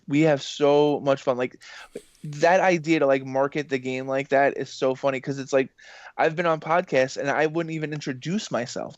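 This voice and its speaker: An excitable man chats his way through long, rambling stories as a podcast guest, filling them with fillers and quick acted-out quotes. His pitch sits in the middle of the range. The sound is dry and a little muffled, with no room around it. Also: no echo. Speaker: voice actor and games journalist guest. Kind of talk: casual podcast storytelling.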